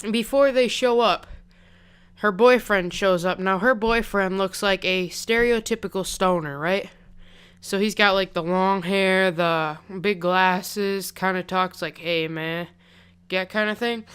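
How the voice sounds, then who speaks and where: A man's voice: sits high, steady tone, a little slow, fairly bright tone, clear, resonant tone. A young man casually telling a story on his vlog, rambling and chatty with lots of "like", into a pop-filtered desk mic. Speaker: vlogger.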